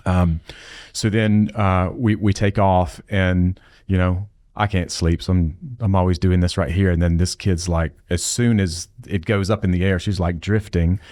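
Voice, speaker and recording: Deep, mellow middle-aged man. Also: fairly even intonation, a little slow, no room sound, clean studio sound. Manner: reflective, anecdotal. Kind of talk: casual church podcast chat.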